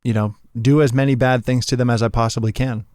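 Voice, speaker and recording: Brief: male podcast guest, smooth resonant voice, measured delivery, dry room. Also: mid-range voice, fairly even intonation, a little mellow, no echo. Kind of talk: casual podcast discussion. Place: podcast studio.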